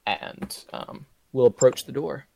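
A man's voice: mid-range voice, very animated, takes it slowly, creaky. A man playing a tabletop role-playing game, hesitant as he describes his character's actions. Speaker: player.

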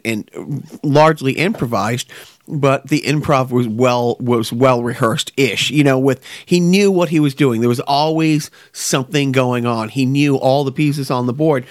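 A man's voice: medium pitch, normal speed, no echo. Guy rambling on a podcast, lots of you-knows and restarts, dry close sound. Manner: rambling, many restarts and fillers. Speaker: podcast co-host. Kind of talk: casual chat.

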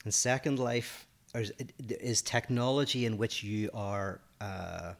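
A man's voice: fairly low pitch, slow, vocal fry. A man with a Northern Irish accent, co-hosting a podcast and explaining ideas at length, thinking aloud in casual philosophical discussion. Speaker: podcast co-host.

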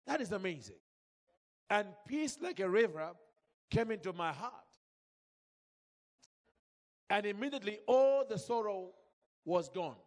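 High-voiced man preaching in a reverberant hall. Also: animated, a little slow, long pauses. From Zambia. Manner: emotional storytelling, calls out to congregation. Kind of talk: sermon.

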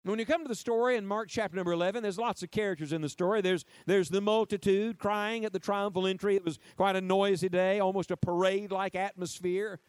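A man's voice: sits high, fairly even intonation, fast talker, few pauses, clean tone, no room sound. A man preaching a sermon, emphatic and repetitive. He drives key phrases home, prompts the congregation to answer and drops playful asides.

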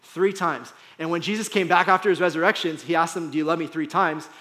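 A man's voice: fairly high pitch, fast talker, pushed and bright. A male pastor giving a sermon in a conversational style, often checking in with "right?" and "like". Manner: conversational preaching with frequent "right?" and "like". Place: church hall.

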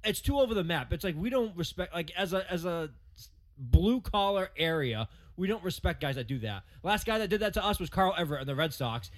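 A man co-hosting sports talk radio, ranting in an animated way and mocking players with put-on voices. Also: high-pitched, brisk.

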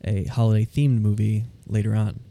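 Mellow-voiced man hosting a casual podcast. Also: on the low side, moderate pace, no echo. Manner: relaxed, jokey, reads labels aloud. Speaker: podcast co-host. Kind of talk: casual chat.

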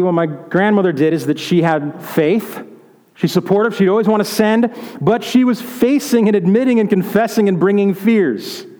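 Speaking in a slightly high but dark voice, a male pastor tells stories and questions his congregation during a conversational sermon. His voice echoes through a reverberant hall.

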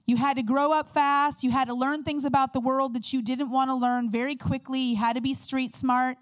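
A woman delivers a sermon as a guest speaker, talking candidly and conversationally with quick asides. Her voice sits fairly high, and the sound is dry and close with little room around it. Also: steady tone, dry recording.

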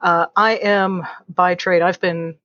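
A woman chatting as an interview guest, wry and animated, often restarting her phrases. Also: on the low side, slow, no room sound, highs cut off. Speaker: guest, fencing instructor and writer. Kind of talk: casual interview chat.

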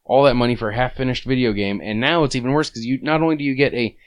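Male podcast co-host, clear resonant voice, grumbling casual rant. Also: mid-range voice, steady tone, fast talker. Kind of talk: casual gaming chat.

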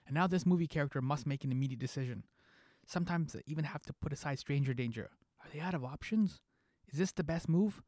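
A man's voice: a little high, fast, a little mellow, no room sound, studio quality. A man hosting a podcast, reading a scripted monologue in a playful, jokey way with pop-culture asides. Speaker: podcast host.

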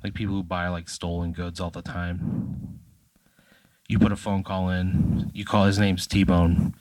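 A man's voice: deep voice, level tone, measured pace, a little mellow, dry recording. A man narrating as game master in a comedy tabletop game, loose and chatty with many fillers.

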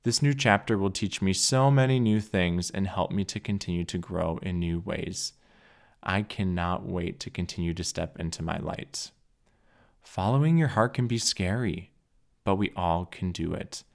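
A young man hosting his own podcast, speaking in an earnest, heartfelt and measured way as he reflects alone. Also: sits low, creaky. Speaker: podcast host. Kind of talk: reflective solo podcast monologue.

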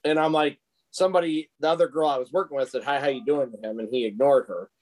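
A woman's voice: quick pace, poor audio. A woman in casual chat, animatedly telling a story from work. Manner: animated storyteller, voice climbing high when quoting.

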